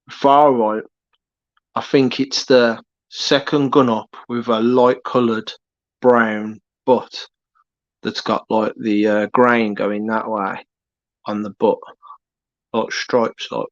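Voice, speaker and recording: A man with a Birmingham accent chatting casually on a late-night live stream, rambling and halting with lots of fillers. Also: lowish voice, dry recording, lo-fi sound.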